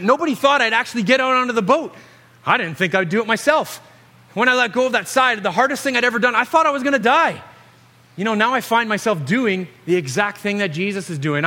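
A man's voice: high voice, bright, forceful tone. A man voicing an amazed adult fisherman disciple, speaking in a breathless, wondering inner monologue. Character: awestruck adult male fisherman disciple walking on water.

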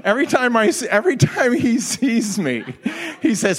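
A man's voice: high voice, sing-song, moderate pace. A middle-aged man preaching a sermon to a church audience, telling a humorous personal story and laughing often as he goes. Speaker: pastor. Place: church hall before an audience.

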